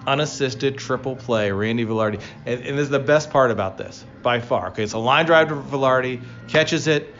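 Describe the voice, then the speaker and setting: A man co-hosting a casual baseball talk show, telling player stories with lively excitement. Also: dull audio. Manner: storytelling, animated, rising pitch when excited. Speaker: baseball podcast co-host, former player. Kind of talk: casual sports chat.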